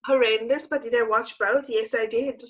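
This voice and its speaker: A young woman co-hosting a podcast, chatting casually and gushing with animated enthusiasm. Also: a little high. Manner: gushing, animated, quick to laugh. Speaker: podcast co-host. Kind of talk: casual chat. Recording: dull lo-fi sound.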